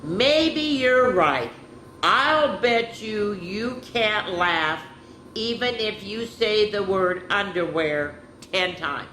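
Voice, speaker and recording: A woman voicing a clever male grassland animal with a sly, drawn-out way of talking, in a storybook reading. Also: sits low, fairly bright tone, reverberant, a little hiss or hum, poor audio.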